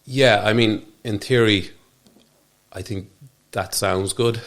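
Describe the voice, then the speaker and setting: An Irish man appears as a podcast guest in a studio, speaking earnestly in a reflective, conversational interview. His voice is on the low side, steady, slow and a bit bright, and he often restarts or trails off mid-thought.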